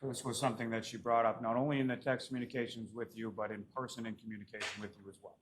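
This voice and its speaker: A man's voice: medium pitch, little pitch movement, racing. A man working as an attorney in a courtroom, questioning a witness in a formal, polite way. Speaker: trial attorney. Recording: clear background noise.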